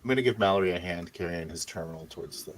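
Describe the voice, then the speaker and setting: A man playing a tabletop role-playing game, describing his character's moves in a hesitant, halting way. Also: low-pitched, crowd noise. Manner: hesitant, full of restarts and fillers. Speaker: player.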